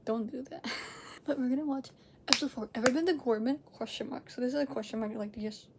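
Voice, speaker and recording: A woman's voice: fairly high pitch, fairly quick, gravelly, heavy background noise. Rambling, giggly young-sounding woman at home. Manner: rambling, self-correcting, often laughing; swings between loud excited bursts and quiet near-whispers. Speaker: reaction video host. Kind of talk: casual chat to camera.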